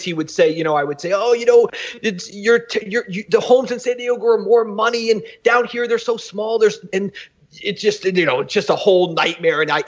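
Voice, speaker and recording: An energetic man from Florida, a podcast guest, telling his story with lots of laughs and animated bursts. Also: sits high. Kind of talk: energetic casual chat. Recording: dull lo-fi sound.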